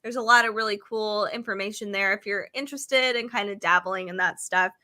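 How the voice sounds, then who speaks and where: A woman's voice: mid-range voice, a little fast, bright, forceful tone. A woman on a casual live video chat, upbeat and enthusiastic as she walks through a book. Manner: upbeat, enthusiastic, listing things with small fillers.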